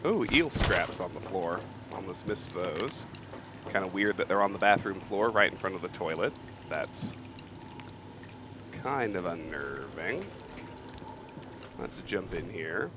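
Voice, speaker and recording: A man's voice: low voice, measured pace, long pauses. A man in his thirties hosting a let's play, giving casual, wry and joking commentary as he plays. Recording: steady background hiss.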